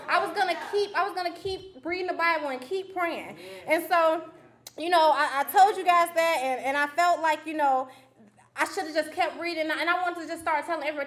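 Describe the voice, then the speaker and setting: A woman's voice: very high-pitched, a little fast, a crowd in the background. A young woman giving a conversational, personal sermon in a church, telling stories with frequent restarts and asides. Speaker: guest preacher. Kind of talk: testimony-style sermon. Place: church sanctuary. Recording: echoey church sanctuary.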